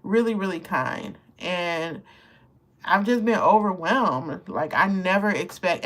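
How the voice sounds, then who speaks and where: Woman near fifty, chatty beauty livestream host, laughs easily, even mid pitch. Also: slow pace. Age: around 50. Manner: chatty, emotional, laughs often, talks to viewers while applying makeup. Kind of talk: casual live makeup chat.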